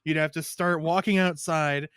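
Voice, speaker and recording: A man's voice: a little high, steady tone, normal speed, clear, resonant tone, no room sound, studio quality. A man co-hosting a podcast, telling a crude story in rambling casual chat. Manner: rambling storyteller, loud shouted impressions. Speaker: podcast co-host.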